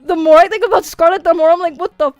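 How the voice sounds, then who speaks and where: A woman's voice: very high-pitched, fairly even intonation, rapid-fire, dry recording, highs cut off, faint music behind. A woman streamer in casual livestream chat, ranting animatedly with lots of swearing and frequent laughter. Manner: laughs often. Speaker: VTuber streamer.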